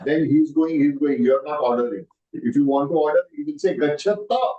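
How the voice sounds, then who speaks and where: A man's voice: fairly high pitch, moderate pace, mellow. A man with an Indian English accent teaching a language class online, explaining patiently, repeating words and checking that everyone understands. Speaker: Sanskrit teacher. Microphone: video call. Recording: muffled lo-fi online call audio.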